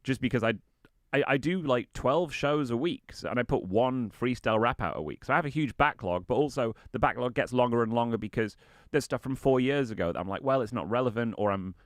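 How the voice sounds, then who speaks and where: A man, a comedian guest, telling stories in a casual chat and jumping into high voices when he quotes people. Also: a little fast, dry recording, studio quality. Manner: animated storyteller, jumps into high voices for quotes.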